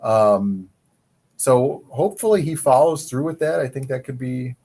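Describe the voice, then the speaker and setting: Male co-host, medium pitch, laid-back and rambling, with deadpan humor. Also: measured pace, low-quality recording. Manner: relaxed, rambling, deadpan jokes. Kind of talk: casual livestream chat.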